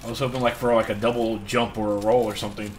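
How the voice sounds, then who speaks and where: A young man giving casual, excitable gameplay commentary, swearing often and laughing at himself. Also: lowish voice, quick pace, a little hiss or hum. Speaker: gaming channel host.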